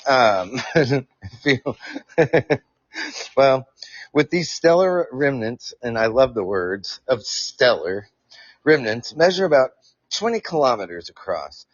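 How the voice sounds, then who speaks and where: A man's voice: medium pitch, expressive, a little slow, long pauses, dry recording. Rambling man on a muffled headset. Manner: rambling, stumbles over words, jokey asides to chat. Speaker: podcast host. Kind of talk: live-streamed casual explainer. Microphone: new earphones mic.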